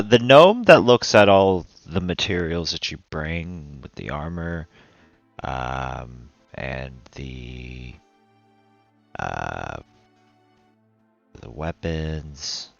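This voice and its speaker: Male game master, very low and gravelly, slow halting delivery. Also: sing-song, muffled recording, faint music behind. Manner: slow, halting, many fillers. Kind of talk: narrating a live tabletop game.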